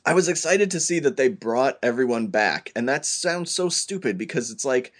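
A man's voice: mid-range voice, expressive, normal speed. A man co-hosting a podcast in casual chat, joking and rambling. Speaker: podcast co-host.

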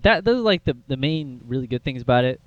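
Chatty young man with a smooth voice. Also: mid-range voice, animated, fast talker, no room sound, highs cut off. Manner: chatty, rambling, lots of fillers. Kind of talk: casual film review chat.

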